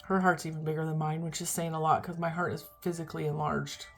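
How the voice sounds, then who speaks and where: A middle-aged woman with a low, deep voice chatting casually to camera. She rambles along and pokes fun at herself. She sounds worn out and keeps yawning between thoughts. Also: little pitch movement, quick pace, soft background music. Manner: rambling, chatty, self-deprecating. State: tired, yawning. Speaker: vlogger. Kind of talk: casual chat.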